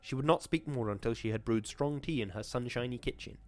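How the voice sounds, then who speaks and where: A man and podcast host reading a classic horror short story aloud in a measured, formal narrating voice. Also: medium pitch.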